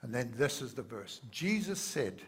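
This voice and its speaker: A man's voice: medium pitch, very animated, moderate pace, husky. A man preaching a sermon to his congregation, earnest and building to fervent emphasis. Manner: addresses the congregation directly. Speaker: pastor.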